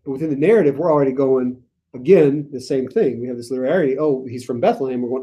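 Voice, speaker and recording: An American man leads a relaxed Bible study, talking in an easygoing, animated way and chuckling as he goes. His voice is mellow and warm, set at an everyday middle pitch. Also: fast talker, faint music behind. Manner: animated, playful, laughs while explaining. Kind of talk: casual Bible study teaching.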